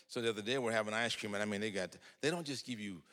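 A man's voice: on the low side, rapid-fire, a bit bright, in a large hall. An older man telling folksy, humorous family stories in a sermon, acting out the dialogue. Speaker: preacher. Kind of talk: storytelling sermon.

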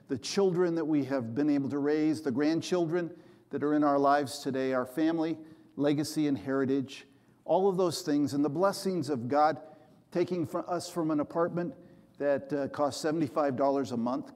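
A man's voice: a little high, moderate pace, darkish tone, in a large hall. A man in his seventies, a pastor preaching a sermon and acting out the voices in his stories. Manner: storytelling preacher, acts out quoted voices.

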